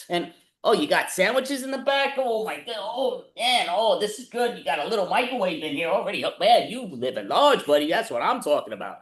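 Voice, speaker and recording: A man playing a rambling male hitchhiker in an improv scene, gushing and stammering with "oh" at every turn. His voice sits high for a man and bounces off a roomy, echoey space. It sounds picked up over a video call. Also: natural voice. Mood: blissful. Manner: exclaims "oh" constantly, rambling and stammering. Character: chatty male hitchhiker, easily delighted then panicky.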